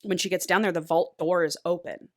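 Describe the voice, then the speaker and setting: Speaking briskly in a lowish register, a woman co-hosting a podcast gives an animated, laid-back retelling of a novel and curses liberally along the way. There's no room echo; the sound is close and dry.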